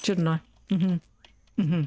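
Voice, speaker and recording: A woman's voice: lowish voice, flat delivery, very slow, warm tone. A woman chatting casually while playing a video game, telling rambling stories and giggling often. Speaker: gaming video host. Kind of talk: casual gameplay chat.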